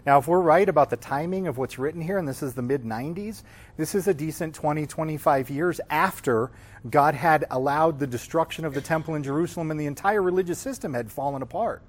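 A man with a slightly high voice leads a Sunday school class through a Bible passage. He talks loosely and informally, often turning to the class with a quick "right?". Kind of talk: conversational Bible teaching.

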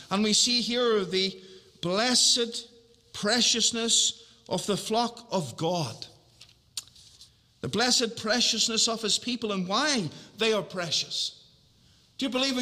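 A man preaching a sermon earnestly, repeating key phrases for emphasis and slowing down on them. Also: high-pitched, bright, forceful tone, long reverb tail.

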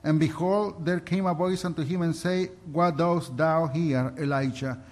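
A man with a somewhat high-pitched voice preaches a heartfelt sermon. He reads scripture aloud and shares his own experience in an earnest, halting way, often stopping to restart a thought. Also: steady tone, darkish tone. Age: adult. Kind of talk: sermon mixing Bible reading and personal testimony.

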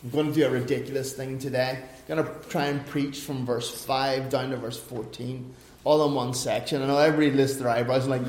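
An Irish man preaching a sermon as a pastor, chatty and anecdotal, poking gentle fun at himself. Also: mid-range voice, steady tone, fairly quick. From Ireland. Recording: roomy echo.

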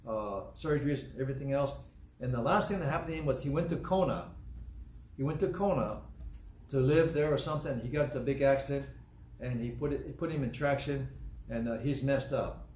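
Pastor, male, earnest, repeats his points slowly; roomy, echoey hall recording. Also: mid-range voice, darkish tone. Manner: earnest, repeats key phrases slowly for emphasis. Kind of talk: sermon. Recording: echoey room with faint background noise.

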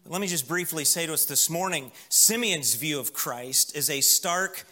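A pastor preaches a sermon in church, his somewhat high voice pushed and bright at a moderate pace. He builds emphatic lists and acts out quoted voices during an anecdote.

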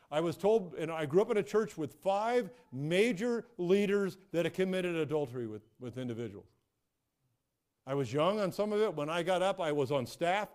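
A man's voice: a little high, a little mellow. A middle-aged man preaching a sermon as a pastor, emphatic and repetitive, often restarting his phrases.

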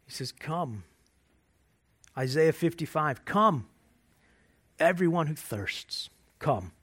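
A male pastor preaching in a slow, deliberate way, his voice bright and forceful and a little higher than most men's. He restarts and repeats words as he reaches for phrasing. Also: animated, breathy edge. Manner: builds from quiet, slow emphasis to rising intensity. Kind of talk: sermon.

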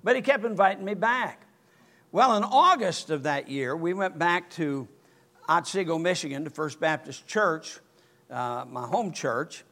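An older man preaching a sermon, telling a story in an animated way and rising to near-shouts. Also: a little high, unhurried. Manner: animated, rises to near-shouting when excited. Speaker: pastor.

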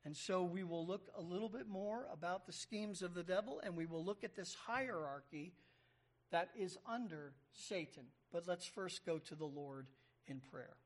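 A pastor with a high voice preaches a sermon at normal speed, emphatically explaining the Greek word by word as he reads and stressing key words.

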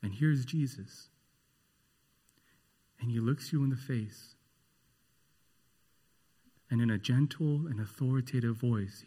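A man delivers a sermon at an unhurried, deliberate pace. His voice sits at an ordinary middle pitch, and his manner is earnest and emphatic, leaning on each phrase. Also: mellow, husky. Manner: slow, earnest, emphatic preaching. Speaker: preacher.

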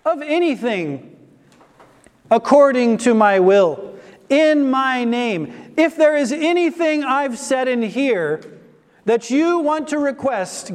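A man preaching a sermon, slow and deliberate, stressing repeated phrases with emphasis. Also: very high-pitched. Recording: long hall reverb.

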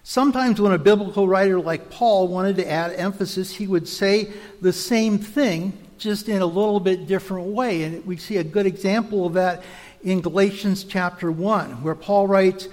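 A man preaching a teaching sermon, measured and explanatory, now and then restarting a word. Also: sits high, darkish tone, in a large hall.

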